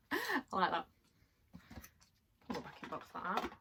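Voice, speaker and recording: A woman chatting casually as she unboxes items at home, excitable and quick to laugh. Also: on the low side, gravelly, background noise. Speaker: vlogger. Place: at home, in a bedroom.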